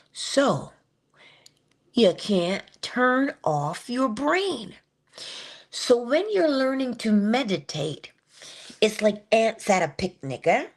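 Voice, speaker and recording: A woman talks about meditation in a relaxed, conversational way. She tosses in playful asides and stretches out key words slowly for emphasis. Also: medium pitch. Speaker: inspirational speaker. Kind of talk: spiritual talk on meditation.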